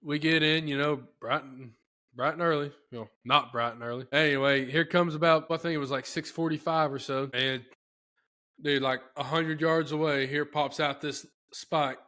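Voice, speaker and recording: A man hosting a podcast, telling a story in a casual, rambling, animated way with lots of filler talk. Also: on the high side, moderate pace. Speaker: podcast host.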